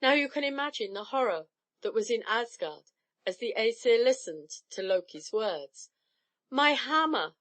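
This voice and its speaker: A woman narrating an old myth as an audiobook, in an expressive storybook style. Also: mid-range voice, normal speed.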